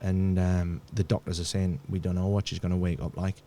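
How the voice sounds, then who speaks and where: Low-voiced man telling a painful story. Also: level tone, warm tone, slight background noise. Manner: halting, repeats words, drops to a near-murmur. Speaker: podcast guest. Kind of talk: emotional personal storytelling.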